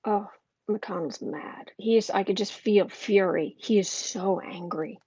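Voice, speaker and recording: Woman reading tarot cards live, rambly chatty talk, husky voice, kinda muffled sound. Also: mid-range voice, unhurried, mellow. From United States. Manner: chatty, thinking aloud with restarts. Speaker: tarot reader.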